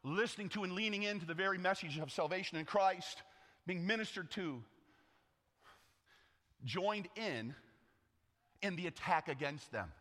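A pastor preaching with a lively, swinging voice, asking the congregation to answer back as he tells the story. His tone is bright and forceful, and the sound carries through a long, echoey hall. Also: high voice, normal speed, long pauses. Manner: dramatic storytelling with call-and-response. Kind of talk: sermon.

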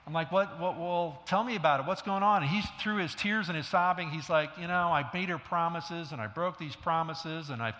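A man's voice: a little high, brisk, few pauses, pushed and bright. A middle-aged male pastor preaching a sermon, telling stories in a conversational way with self-deprecating humor. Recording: long hall reverb.

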